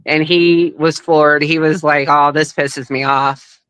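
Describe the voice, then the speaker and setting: Bright, smooth-voiced woman telling a story. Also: low-pitched, takes it slowly, no echo, low-quality recording. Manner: animated, acts out quoted voices. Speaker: guest, wrestler's daughter. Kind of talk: casual storytelling.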